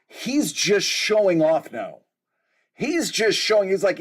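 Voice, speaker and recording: A man hosting a collectibles live stream in casual chat, exclamatory and quick to laugh. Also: sits high, breathy edge. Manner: animated and exclamatory, laughs often.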